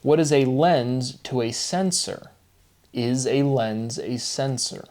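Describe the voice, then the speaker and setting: A man alone, talking through wordplay in a slow, questioning musing monologue. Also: medium pitch, a little mellow. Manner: slow, questioning, breaks into laughter. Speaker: solo video host. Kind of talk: musing monologue on word forms.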